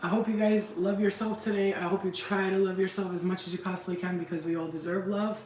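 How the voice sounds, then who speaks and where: A woman's voice: fairly low pitch, fast talker, roomy sound, far from the mic, a little hiss or hum, rough recording. A woman chatting casually on a livestream, blunt and profane, laughing often and acting out quotes in other voices. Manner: animated, acts out quotes. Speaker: spiritual healing vlogger.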